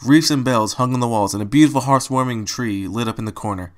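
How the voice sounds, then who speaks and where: A man reading fan fiction aloud as a storybook narrator, plain and calm, with small slips. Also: mid-range voice, fast.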